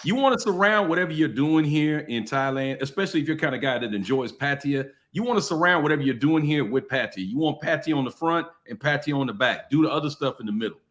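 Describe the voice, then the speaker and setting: A podcast guest, a man, gives confident advice in casual chat. He talks very fast, in a slightly raised pitch. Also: animated, a bit bright.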